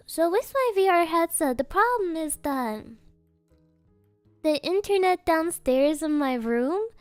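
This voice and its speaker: Playful woman streamer, high voice, unhurried, dry close sound. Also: animated, no room sound, soft background music. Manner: playful, giggly, silly joking answers. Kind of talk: casual live Q&A chat.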